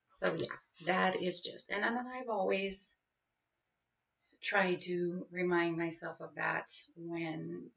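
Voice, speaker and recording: A woman's voice: deep voice, vocal fry, fairly bright tone, distant mic, highs cut off. A woman in her forties in a casual personal vlog, talking in a rambling way with many fillers and restarts. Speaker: vlogger.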